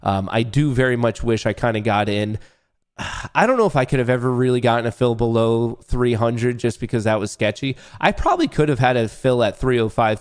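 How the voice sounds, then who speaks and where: A young man hosting a live day-trading stream, chatting loosely to his audience with jokes and swearing. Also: medium pitch. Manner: loose, joking, swears, talks to chat. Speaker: livestream day-trading host. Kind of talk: casual live trading commentary.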